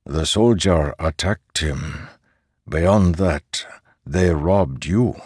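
A man voicing a calm farmer who oversees soldiers in an audiobook; the voice is kindly and soft, and he speaks slowly and reassuringly. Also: low voice, breathy edge, no echo, clean studio sound, full character voice. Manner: slow, measured and reassuring. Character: calm middle-aged male farmer overseer, kindly but firm.

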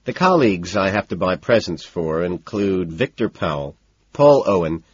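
A man's voice: sits low, big pitch swings, moderate pace, breathy edge, no echo, muffled recording. A man reading a first-person story aloud in a cool, detached way, rattling off long lists in scripted narration. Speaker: audiobook narrator.

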